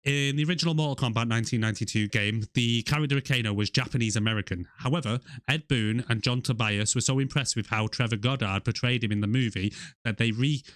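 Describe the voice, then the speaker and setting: A man's voice: medium pitch, fast talker, fairly bright tone, dry recording, studio quality. A man from Britain, co-hosting a casual movie review podcast, laughing often and keeping it loose. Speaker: podcast co-host.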